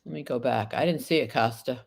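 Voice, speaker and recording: A woman's voice: rumbling low, a little fast, vocal fry, a little mellow, breathy edge. A woman reading tarot cards on a live stream, reading viewers' questions aloud and answering them card by card while recovering from an illness. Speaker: tarot reader.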